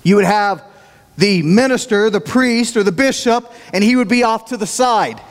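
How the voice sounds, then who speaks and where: A man's voice: high voice, normal speed, big-room sound. A man from Oklahoma with an Oklahoma accent, preaching a sermon as pastor in a folksy, self-deprecating way, often repeating words as he thinks.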